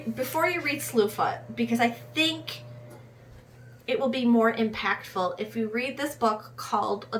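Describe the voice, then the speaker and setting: This book vlogger is a young woman from Rochester, New York, USA, who talks about a book casually but with earnest passion, often restarting her sentences. She speaks on the high side with a fairly bright tone over a little hiss or hum.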